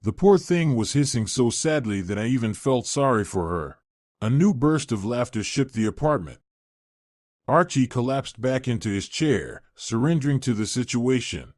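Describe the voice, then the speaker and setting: A man reading a scripted story in a steady narrating manner. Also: medium pitch, moderate pace, no room sound, studio quality.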